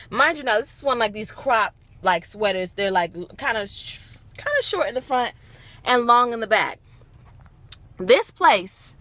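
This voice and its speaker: Young woman, vlogger, phone camera, dramatic storytelling, lively swooping pitch, bright voice. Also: no echo. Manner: animated, dramatic storytelling with emphatic repetition. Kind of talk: casual storytelling vlog.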